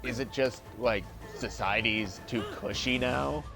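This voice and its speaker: A man chatting casually with a friend, halting and profane as he jokes along. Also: mid-range voice, gravelly, music in the background. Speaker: co-host friend. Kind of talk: casual chat.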